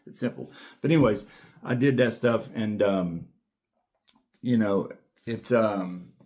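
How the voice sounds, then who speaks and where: Rambling man with a lowish voice. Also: takes it slowly, darkish tone. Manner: rambling, enthusiastic, with many fillers; repeats key words for emphasis. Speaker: knife reviewer and channel host. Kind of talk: casual talk to camera.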